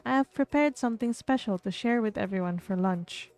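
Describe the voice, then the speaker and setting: A woman voicing a courteous old gentleman cook in a dating game, speaking formally and politely. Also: a little high, fairly quick, faint music behind, lightly acted. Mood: courtly.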